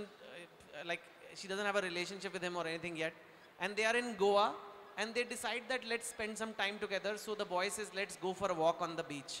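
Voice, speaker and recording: Man, author at a live reading, chatty host manner, bright tone, faint room noise. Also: sits high. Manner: chatty, explains the scene to the audience. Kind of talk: live book event talk and reading. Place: large event hall. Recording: hall reverb, faint ambience.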